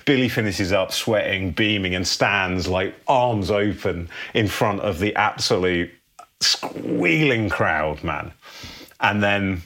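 A man's voice: low-pitched, slow pace, a bit bright. A man hosting a podcast, telling a film story in a laid-back, casual way and ending phrases with "man".

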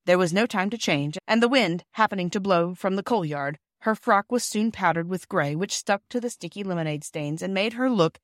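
A woman reading a classic children's novel aloud in a gentle storytelling manner. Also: medium pitch, lively intonation, moderate pace, hardly any pauses, no room sound, clean studio sound. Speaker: audiobook reader. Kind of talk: scripted narration.

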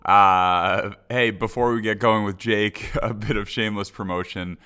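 Upbeat male podcast host, low voice. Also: fairly even intonation, moderate pace, fairly bright tone, smooth. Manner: upbeat, conversational with fillers. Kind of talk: podcast interview.

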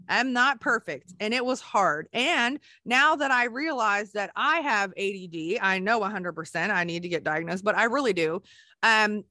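Bright, dry-voiced middle-aged woman. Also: a little high, dry recording. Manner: emotional, rambling, frequent restarts. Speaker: guest, nurse. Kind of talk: candid personal storytelling.

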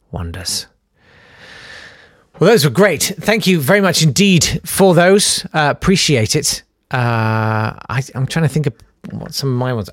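A man hosting a casual podcast, animated and sardonic, often jumping into high mocking voices. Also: no room sound, clean studio sound. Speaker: podcast host. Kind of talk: casual solo podcast chat.

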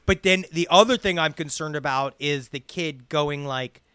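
Podcast guest, male, high bright voice, lively and profane. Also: normal speed, smooth, dry recording. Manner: animated, profane storytelling. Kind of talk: casual chat.

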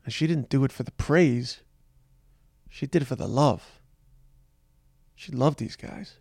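A tired middle-aged man hosting a podcast, speaking in a reflective, halting monologue with trailing restarts. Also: medium pitch, gravelly, darkish tone, husky, no echo, studio quality. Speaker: podcast host. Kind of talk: personal monologue, remembering his mother.

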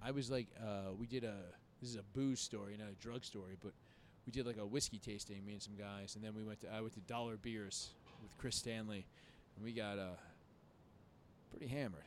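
A man's voice: lowish voice, brisk, a little hiss or hum. A man in his thirties telling a drunken story in casual chat, swearing freely and acting out both sides of the talk. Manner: profane, animated storyteller acting out his own quotes.

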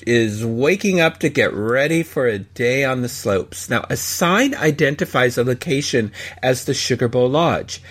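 A man hosting a podcast, chatting casually and reading cartoon credits and history. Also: breathy edge. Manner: chatty, reads credits and trivia, lively pitch. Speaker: podcast host.

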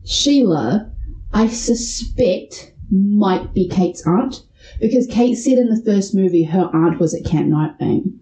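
A woman's voice: medium pitch, lively intonation, slow, mellow, reverberant, a little hiss or hum, rough recording. A woman guest on a podcast chatting bluntly about a film, laughing often and swearing freely. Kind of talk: casual chat about a film.

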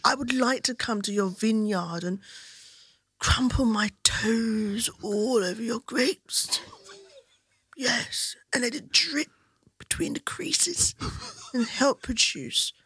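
A woman putting on a posh, gushing lady wine fan in a whispered role-play, slow and mock-seductive. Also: a little high, a bit bright, husky, no echo, voice pushed up, heavily acted.

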